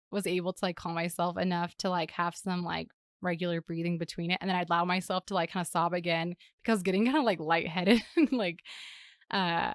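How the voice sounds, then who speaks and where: A woman podcast host tells a personal story in a low voice with plenty of vocal fry. She is reflective and emotional, and her speech is full of "like" fillers. The recording is dry and close. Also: no room sound.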